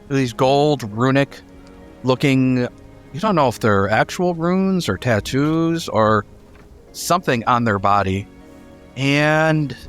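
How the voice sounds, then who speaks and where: Man, game master, casual tabletop narration, animated, quiet music behind. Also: mid-range voice. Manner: loose, conversational narration with restarts.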